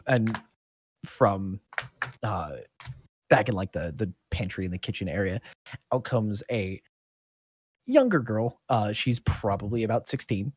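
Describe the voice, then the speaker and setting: A man's voice: on the low side, expressive, unhurried, long pauses, husky, no echo. A man running a tabletop game as game master, narrating scenes in a loose, chatty way and laughing often.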